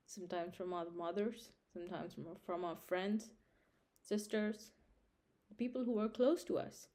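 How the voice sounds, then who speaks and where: A young woman talks straight to her viewers in a casual advice vlog. Her voice is warm and mellow, and she sits at an ordinary middle pitch. She hammers her points home by repeating them and keeps checking that the listener is following. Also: moderate pace. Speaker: vlog host giving life advice. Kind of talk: casual direct-to-camera advice.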